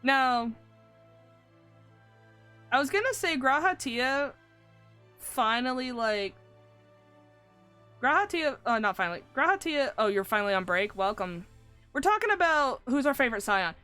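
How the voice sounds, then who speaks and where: A woman's voice: high-pitched, sing-song, a little slow, long pauses, sharp tone, clean tone. A woman streamer chatting casually and animatedly about a game, swearing and laughing a lot. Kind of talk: casual live-stream chat. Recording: faint game music behind.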